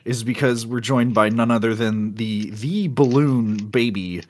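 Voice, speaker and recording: A young man from Florida co-hosting a podcast in casual chat, excitable, with loud bursts of laughter and stumbling restarts. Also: medium pitch, a little slow. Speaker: podcast co-host. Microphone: home computer mic on a call.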